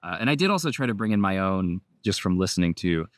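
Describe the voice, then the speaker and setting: A man in his thirties talks casually as a guest, loose and rambling, with frequent laughs. His voice sits low and sounds dry and close. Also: fast talker, dry recording. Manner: relaxed, rambling, laughs often. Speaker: voice actor guest. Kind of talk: casual interview chat.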